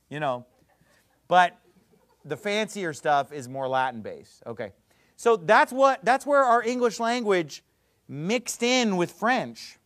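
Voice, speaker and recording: A man lectures a class in a high, lively voice that climbs and dips freely. He explains step by step and slips in joking asides. The recording is dry and close, with no room sound. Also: no room sound.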